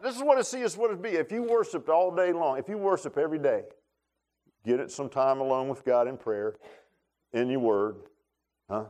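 A male pastor preaching a sermon in a church, folksy and animated, dropping into low asides and rising to high shouts while talking straight to the congregation. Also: normal speed.

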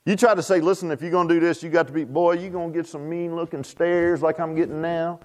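An older man preaching with folksy, animated energy, often circling back over the same phrase. His voice sits a little higher than most men's. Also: fast. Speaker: pastor. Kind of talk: sermon.

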